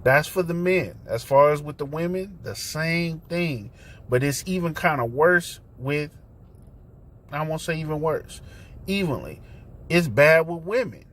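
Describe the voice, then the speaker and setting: A man talking straight into the camera from his car, his voice sitting a little high for a man. He is loose and conversational, with plenty of slang and fillers, and sounds preachy when he drives his point home. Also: expressive, a little slow, fairly bright tone. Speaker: host. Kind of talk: casual talk vlog. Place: inside a parked car.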